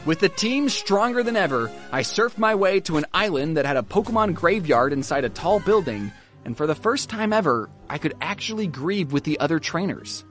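Guy narrating his game run, high voice, super lively, goofy and joking. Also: moderate pace, faint music behind. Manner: playful, jokey, talks to his game characters. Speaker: gaming YouTuber. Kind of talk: comedic gameplay narration.

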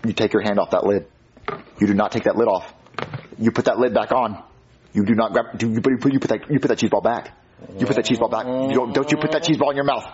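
A man's voice: medium pitch, steady tone, quick pace, darkish tone, slight background noise, lightly acted. An actor playing a stern, bickering puppet father who scolds and repeats himself. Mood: scolding. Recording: muffled lo-fi audio.

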